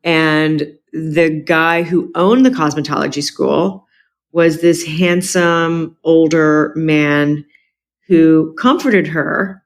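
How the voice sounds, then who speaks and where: A middle-aged woman, a podcast guest, telling a personal family story candidly, with quick asides. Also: low voice.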